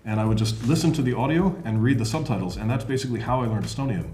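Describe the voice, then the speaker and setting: Fast-talking American man telling stories. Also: medium pitch, animated, mellow, roomy sound. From United States. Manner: storytelling, playful, laughs easily. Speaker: podcast co-host. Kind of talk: casual chat.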